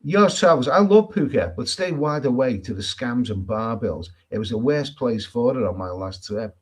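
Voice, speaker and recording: A man's voice: mid-range voice, lively intonation, normal speed. English guy on a travel livestream reading out chat, rambly, lots of restarts, strong opinions. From England. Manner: chatty and repetitive, emphatic opinions, many restarts. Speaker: travel vlogger host. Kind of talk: casual live-stream chat, reading viewer comments. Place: island in Thailand.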